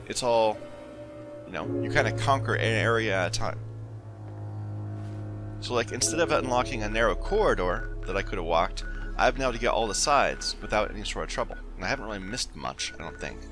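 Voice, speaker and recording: Low voiced guy rambling thru his game, lots of ups and downs, game music playing. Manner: rambling, searching for words. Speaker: gaming video host. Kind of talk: casual gameplay commentary. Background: game music and audio.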